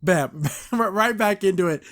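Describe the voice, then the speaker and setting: High-voiced man reviewing cartoon episodes. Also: unhurried, a bit bright. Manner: laughs often, acts out character quotes. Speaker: podcast host. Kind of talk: casual episode review commentary.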